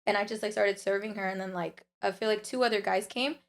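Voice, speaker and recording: A woman's voice: mid-range voice, steady tone, fast, vocal fry. A young woman telling personal stories in casual chat as a podcast guest, full of fillers and acted-out quotes. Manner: storytelling with many fillers and quoted voices.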